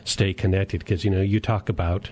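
This is a middle-aged man hosting a radio talk show, with a slightly low voice. He speaks in a loose, conversational way and often stammers over repeated words. A faint hiss sits under his voice. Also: fairly even intonation, normal speed, a little mellow. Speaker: radio host. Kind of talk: radio interview, casual conversation. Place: radio studio.

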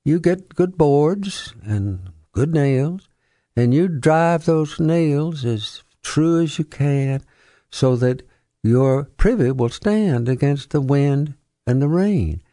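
A man's voice: animated, mellow, no room sound. An older man impersonating a dry-witted older novelist, with a drawl. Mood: folksy. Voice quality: high, slow drawl.

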